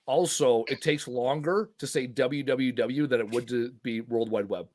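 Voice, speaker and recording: A man's voice: medium pitch, moderate pace, a little mellow. A man hosting a podcast, telling loose stories with casual swearing and blunt, joking asides. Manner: rambling storyteller, swears casually. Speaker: podcast host.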